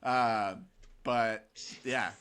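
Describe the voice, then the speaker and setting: A man hosting a podcast, chatting casually, rambling, swearing and quick to laugh. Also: mid-range voice, fairly even intonation, fairly bright tone, clean tone. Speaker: podcast host. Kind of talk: casual chat.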